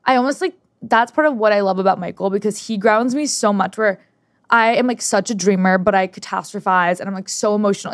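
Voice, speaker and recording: A woman in her twenties co-hosts a podcast, her mid-range voice chatting casually as she tells animated stories and acts out quotes. There is no echo on the recording.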